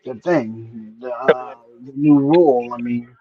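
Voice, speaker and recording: A man hosting a casual livestream chat who talks haltingly, with many fillers and restarts. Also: medium pitch, fairly even intonation, highs cut off. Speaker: streamer host.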